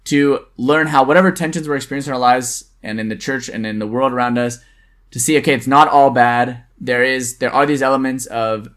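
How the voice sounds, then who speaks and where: A man's voice: mid-range voice, steady tone, brisk, a bit bright. Earnest man co-hosting a faith podcast. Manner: earnest, reflective, with restarts. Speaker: podcast co-host, deacon. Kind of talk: casual chat.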